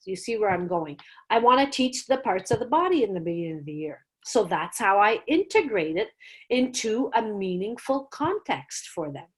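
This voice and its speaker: A woman's voice: medium pitch, moderate pace. A woman explaining her French teaching routine in a training session, acting out classroom moments with gasps. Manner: animated, acts out classroom voices with gasps. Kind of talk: teaching demonstration.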